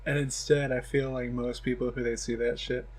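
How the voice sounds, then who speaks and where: Man, husky voice, casual comedic chat, rambling absurd stories, laughs a lot. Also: medium pitch, level tone, normal speed, poor audio. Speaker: podcast co-host.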